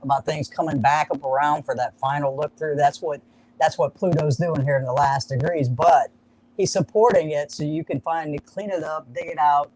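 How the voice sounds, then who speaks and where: A man's voice: on the high side, fairly even intonation, moderate pace, a little mellow, rough recording. A man explaining an astrology chart in a live-streamed chat, indoors at a farm, with an upbeat, jokey, explanatory manner.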